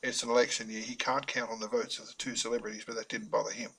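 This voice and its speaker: A man's voice: medium pitch, level tone, fast talker, fairly bright tone, rough recording. A man with a mid-range voice reads his own story aloud in a chatty, wry style. He slips in joking asides between plain narration, as in a homemade audiobook. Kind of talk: self-published audiobook narration.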